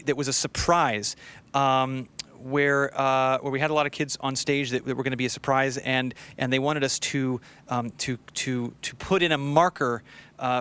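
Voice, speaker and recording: Bright-voiced chatty male singer. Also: mid-range voice, clean tone. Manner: chatty and enthusiastic, rambling asides. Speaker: singer hosting a livestream concert. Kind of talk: casual chat between songs.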